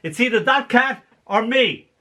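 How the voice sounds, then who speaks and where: A man doing a fed-up, shouting dad. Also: very high voice, expressive, measured pace, pitched above the performer's own voice, heavily acted. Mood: exasperated. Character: grumpy middle-aged father, fed up with the cat.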